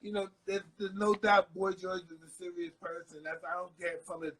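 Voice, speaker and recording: Halting man. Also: sits high, fairly even intonation, fairly bright tone, rough recording. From New York. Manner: measured, halting, repeats himself. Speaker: guest. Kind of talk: casual conversation. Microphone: phone on a live video stream.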